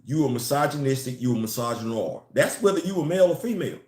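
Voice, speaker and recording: A man's voice: mid-range voice, animated, fast talker, darkish tone, echoey room. A man giving a casual, emphatic opinion vlog on comics and culture, repeating his phrases to drive points home.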